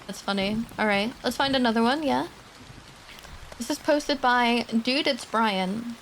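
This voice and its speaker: Gravelly, higher-pitched woman streamer. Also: unhurried, a little hiss or hum, low-quality recording. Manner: casual, chatty asides to chat between readings. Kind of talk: reading horror stories aloud to a live chat.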